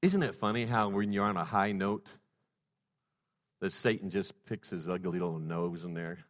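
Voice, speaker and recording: A man preaching a sermon, swinging from loud exclamations to hushed low passages and leading the congregation in call-and-response. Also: normal speed. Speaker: pastor. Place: church sanctuary. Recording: long hall reverb.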